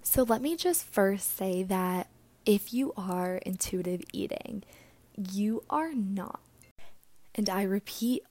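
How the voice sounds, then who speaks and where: A young woman hosting a casual solo podcast, chatty and earnest, sounding a bit out of breath and breathy, with words often trailing off into a whisper. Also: mid-range voice, dark tone, no echo. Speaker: podcast host.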